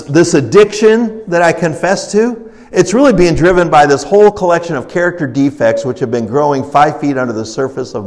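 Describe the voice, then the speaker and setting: Folksy male preacher telling stories. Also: a little high. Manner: conversational storytelling, rising with emphasis; folksy, acts out characters in stories. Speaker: pastor leading a recovery ministry. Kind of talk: sermon.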